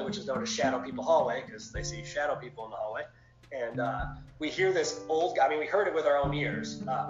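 A man, a paranormal society owner, casually telling his ghost-hunting stories in an interview, animated with many fillers. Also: medium pitch, reverberant, highs cut off.

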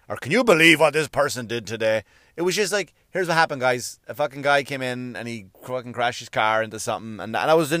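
A man's voice: medium pitch, dry recording, studio quality. Swearing man ranting. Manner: sarcastic, swearing, rhetorical questions. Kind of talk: profane comic rant.

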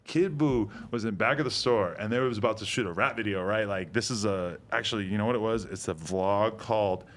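A man with a lowish voice, chatting loosely among friends. He tells stories in a relaxed, profane manner and drifts through tangents. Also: fairly quick. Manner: laid-back storyteller, swears freely. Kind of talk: casual chat.

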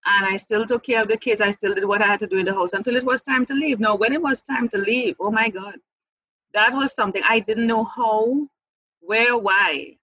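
A woman's voice: on the high side, brisk, pushed and bright, breathy edge, no room sound, highs cut off. A woman speaking candidly as an interview guest about her own life, earnest, restarting and repeating words, with light laughs. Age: adult mother. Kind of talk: candid personal testimony.

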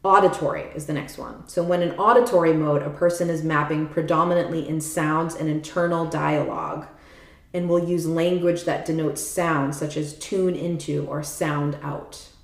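A woman's voice: sits low, steady tone, normal speed, gravelly, echoey room. A woman co-hosting a podcast, explaining things in casual chat, often saying "like" and checking that her listener follows. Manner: chatty, leans on "like" and frequent check-ins. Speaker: podcast co-host explaining a topic. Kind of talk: casual explanatory chat, reading passages aloud.

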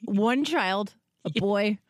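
A woman with a nasal voice, a podcast guest in casual chat, rambling and self-deprecating with quick asides. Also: medium pitch, slight background noise.

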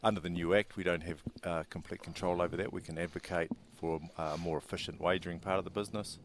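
A New man, a racing industry chief executive, answering interview questions in a measured, businesslike way with the odd filler. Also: deep voice, fairly even intonation, a little hiss or hum. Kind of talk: studio interview.

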